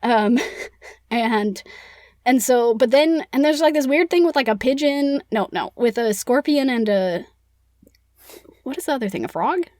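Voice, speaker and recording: A woman's voice: a little high, expressive, unhurried, pauses often, a little mellow, dry recording. A young woman co-hosting a podcast, casually recapping a book in a chatty way, filling with "like". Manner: chatty, heavy use of "like". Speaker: podcast co-host.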